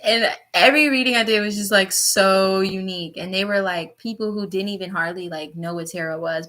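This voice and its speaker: A young woman doing a casual, profane tarot reading live stream, laughing often and talking to her chat. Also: pushed and bright. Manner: jumps between topics with sudden high-pitched bursts.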